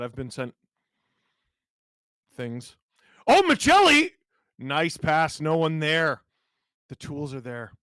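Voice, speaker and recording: A man with a hoarse cold-roughened voice, hosting a live hockey watch-along, calling the play rapidly and reading chat with sudden excited shouts. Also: fairly high pitch, dry recording.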